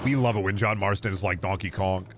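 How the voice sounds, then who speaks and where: A man's voice: low voice, quick pace, very noisy. A young man chatting casually and swearing freely while streaming a game. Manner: rambling, joking, swears freely. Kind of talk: casual gameplay commentary.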